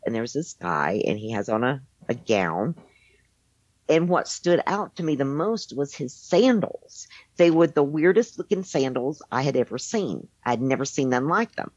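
Low-voiced woman telling a story, lo-fi. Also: a little mellow, dry recording. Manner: rambling, many fillers and restarts. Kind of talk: casual storytelling. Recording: dull lo-fi dry sound.

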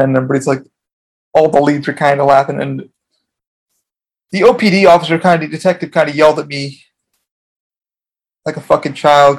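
A man hosting his own podcast tells a long story casually, rambling, swearing a lot, and often restarting. His voice is on the high side with vocal fry.

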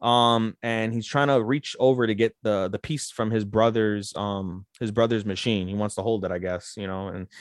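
Low-voiced guy rambling thru an anime recap on a podcast, lots of ums and swearing, dry close sound. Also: steady tone, moderate pace, few pauses, no echo. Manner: rambling, frequent fillers and profanity. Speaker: podcast co-host. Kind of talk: casual anime episode recap.

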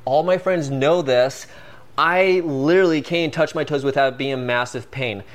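A man as a guest, telling a story in a casual, animated way full of "like" and fillers. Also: mid-range voice, moderate pace. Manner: animated, filler-heavy, peppered with "like".

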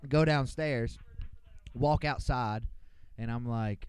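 A man's voice: medium pitch, lively intonation, slow pace, a little mellow, smooth. A young man on a casual podcast, rambling through a profane, boisterous anecdote. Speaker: podcast co-host. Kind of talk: casual storytelling among friends.

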